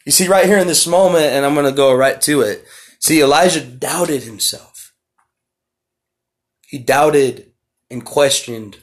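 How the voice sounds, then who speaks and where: Emphatic man preaching on a podcast. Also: a little high. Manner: reads scripture slowly and emphatically, then explains casually; repeats and restarts phrases, swells loud on key words. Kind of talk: podcast sermon with scripture reading.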